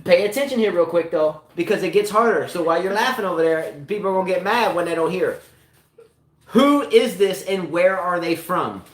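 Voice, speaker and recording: A man's voice: high voice, lively intonation, brisk, reverberant. A man hosting a live-stream tennis quiz in a casual, joking way, often repeating himself in a hurry.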